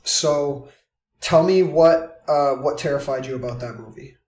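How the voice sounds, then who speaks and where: A man guiding another person through a visualization exercise in a calm, instructive, soothing way. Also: on the high side. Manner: calm, instructive, slow and soothing in the guided parts. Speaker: guide leading an emotional release exercise. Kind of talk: guided visualization and coaching. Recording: roomy, distant from the mic.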